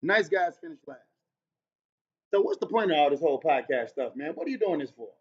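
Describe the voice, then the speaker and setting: A man hosting a podcast, telling stories in a casual monologue with big swings in loudness and pitch, using Black American vernacular. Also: big pitch swings, brisk, slightly rough, muffled recording. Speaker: podcast host.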